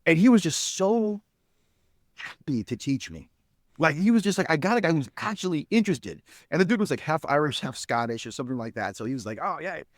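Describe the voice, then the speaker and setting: This brisk-speaking middle-aged man, recorded without room sound, founded a spirits company and is a podcast guest. In a casual interview he tells lively stories, imitating those he quotes through pitch jumps, and leans heavily on "you know."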